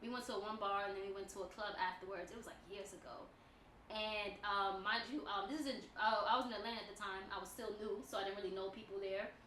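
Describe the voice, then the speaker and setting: A woman comedian from New York telling stories in a casual podcast chat, animated and profane. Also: medium pitch, quick pace, distant mic. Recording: roomy sound from off the mic, faint noise.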